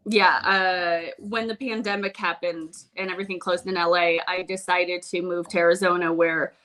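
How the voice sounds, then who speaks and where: Young woman from Ukraine, deadpan comic guest, video call from a home room. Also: lowish voice, moderate pace. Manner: wry, deadpan jokes. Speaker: comedian guest. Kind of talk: casual video-call interview. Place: home room being turned into a studio. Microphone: laptop or phone on a video call.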